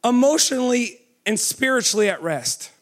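This sermon comes from a man with a very high, expressive voice who often asks the congregation questions and calls out "come on." His delivery swings from fast runs to drawn-out, slow words.

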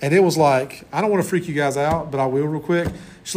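A man's voice: fairly high pitch, moderate pace, darkish tone, slight background noise. Rambling middle-aged male lecturer. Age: 40s. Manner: conversational, rambling with restarts. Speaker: college instructor. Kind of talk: classroom lecture. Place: classroom.

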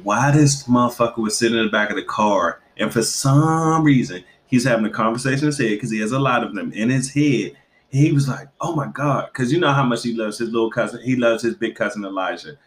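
A man chatting casually, telling animated stories about his son with frequent laughter and profanity. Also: medium pitch, brisk. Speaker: parent. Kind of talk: casual chat.

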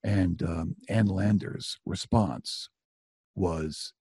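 A middle-aged author and storyteller shares a personal story in a low, gravelly, very husky and rough voice with a dark, steady tone and drawn-out words. The recording is dry and close, and his manner is chatty and self-deprecating, full of asides.

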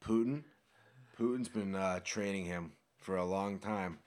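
A man co-hosting a podcast in casual chat with a lowish voice. He jokes sarcastically and swears freely, riffing on his co-host's points. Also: unhurried, darkish tone. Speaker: podcast co-host.

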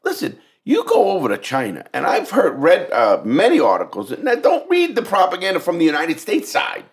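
A podcast co-host talking politics in casual chat, blunt and swearing a lot. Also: male voice, sits high, normal speed. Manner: blunt, heavy swearing, animated.

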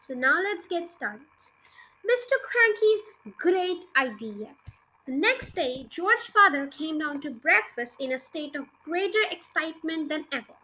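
A woman with a very high voice reads a children's storybook aloud for her podcast. Her tone is bright and forceful. She keeps the reading lively and stumbles now and then. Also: a little slow, low-quality recording. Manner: lively, animated reading with small slips. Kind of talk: children's book read-aloud.

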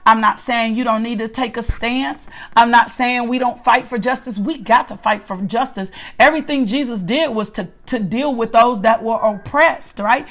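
Preaching at a moderate pace with hardly any pauses, a middle-aged Bible study teacher gives a conversational sermon in a relaxed way, her voice pitched a little high. She drives points home by repeating them and repeatedly calls on the listeners to respond.

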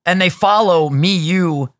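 A young man co-hosting a podcast in casual chat, animated and swearing freely, often slipping into voices. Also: sits high, measured pace, no echo, studio quality. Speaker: podcast co-host.

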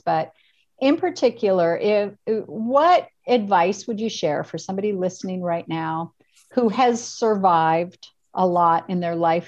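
A woman's voice: mid-range voice, a little mellow, dull audio. A woman hosting an interview, affirming and encouraging as she asks her questions. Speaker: podcast host.

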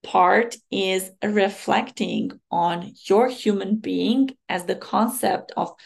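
A woman hosting a solo podcast, speaking in a hoarse voice with a slow, reflective, motivational manner. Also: mid-range voice. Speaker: podcast host.

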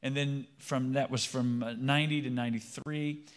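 A man's voice: mid-range voice, steady tone, normal speed. A man in his fifties, a pastor giving a sermon in a conversational way and often asking the congregation questions.

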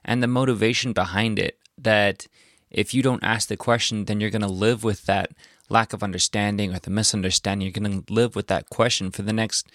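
A man's voice: lowish voice, fairly even intonation, a little fast, a bit bright, no echo, studio quality. A man hosting a podcast interview, affirming and encouraging as he reflects back on what his guest said. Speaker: podcast host. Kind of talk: interview conversation.

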